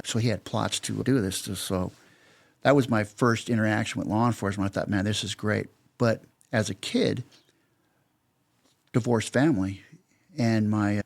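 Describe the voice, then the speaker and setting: A man in his fifties from Los Angeles talks as a podcast guest, with a gravelly, fry-edged voice that sits a little low. He rambles from story to story and acts out old conversations with "I go" and "he goes.". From Los Angeles, California. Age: 50s. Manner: rambling anecdotes retold with "I go, he goes" dialogue. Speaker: podcast guest, security company veteran. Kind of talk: casual storytelling interview.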